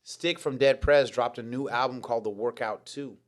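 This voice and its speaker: A man co-hosting a casual podcast in a mid-pitched voice. He talks easily and keeps chiming in with short, agreeing replies. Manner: easygoing, quick agreeing replies. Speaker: podcast co-host. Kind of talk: casual chat.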